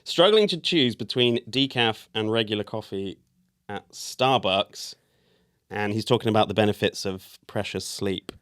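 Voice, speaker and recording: A man's voice: on the low side, measured pace, fairly bright tone, dry recording, studio quality. A man hosting a podcast, teasing and reading comedy prompts. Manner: giggly, teasing, reads prompts. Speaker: podcast host. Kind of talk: podcast chat.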